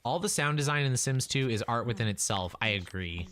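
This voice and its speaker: Man, thirties, chatty game streamer talking to his characters, lively up-and-down delivery, noisy stream audio. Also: medium pitch, a little fast. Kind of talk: casual gameplay commentary. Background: game sounds.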